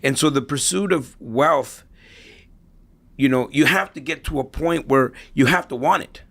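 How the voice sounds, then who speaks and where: A middle-aged man with a gravelly, fry-laden voice of middling pitch tells stories as a podcast guest. He talks in a reflective, motivational way, circling back over his phrases and checking in with a "right?" now and then. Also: moderate pace, a bit bright. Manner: storytelling, repeats himself, tags lines with "right?". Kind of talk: conversational podcast interview.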